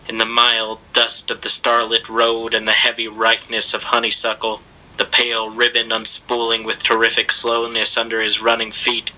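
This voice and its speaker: Male audiobook reader, bright-toned, measured literary storytelling. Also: medium pitch, rough recording. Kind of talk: literary fiction reading.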